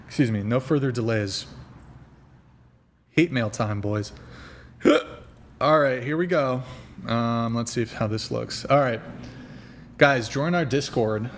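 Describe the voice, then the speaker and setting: A man's voice: mid-range voice, slow pace, pauses often, a little hiss or hum. Rambling young man hosting a livestream. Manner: loose, rambling, swears casually. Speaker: host. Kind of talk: casual livestream chat. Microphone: desk mic.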